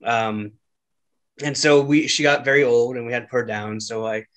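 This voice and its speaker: A man's voice: mid-range voice, fairly even intonation, moderate pace, a bit bright. Laid-back man hosting a chat. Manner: loose, laughing, filler-heavy talk. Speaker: podcast host. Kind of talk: casual chat.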